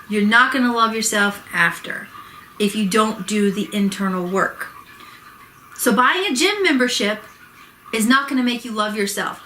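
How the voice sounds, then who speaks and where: A woman's voice: on the high side, bright, forceful tone, poor audio. A woman vlogging a heated personal rant to camera, swearing and exasperated, worked up and close to tears.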